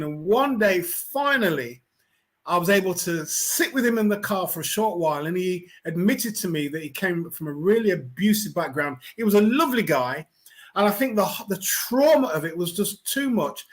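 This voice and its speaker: A middle-aged man from England gives a reflective talk to his online viewers. His voice sits a little higher than most men's. He speaks in an unhurried, conversational way, full of fillers and restarts. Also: animated. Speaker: host of a weekly online talk. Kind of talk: reflective pastoral talk to camera.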